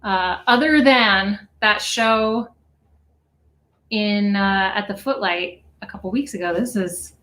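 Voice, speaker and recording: A woman's voice: mid-range voice, takes it slowly, fairly bright tone, low-quality recording. A woman hosting her own music livestream, chatting casually and laughing between songs in a rented house with friends. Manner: chatty, laughs easily, rambling asides. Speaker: singer-songwriter livestream host.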